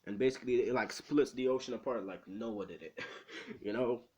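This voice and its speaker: A man's voice: mid-range voice, normal speed, dark tone, breathy edge, muffled recording. A man casually telling a fan story, rambling and swearing with lots of filler. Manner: rambling, profane, lots of "you know".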